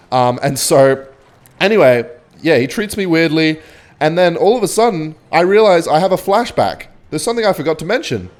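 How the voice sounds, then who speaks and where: A young man rambling through a comic tale in the first person, with a steady voice at ordinary pitch. He swears constantly and breaks off to correct himself. His delivery is offhand and loose. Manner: crude, profane, offhand. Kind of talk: rambling comedic retelling.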